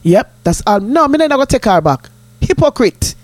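A woman's voice: a little high, big pitch swings, normal speed, dry recording. Indignant Jamaican woman telling a story. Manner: indignant, emphatic, repeats herself. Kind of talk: storytelling monologue.

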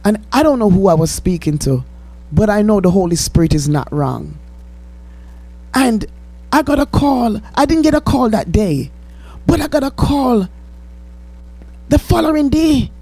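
A woman's voice: mid-range voice, big pitch swings, unhurried, long pauses, mellow. A woman with a Jamaican accent hosting a radio ministry and preaching a testimony, fervent and pleading, slipping into patois.

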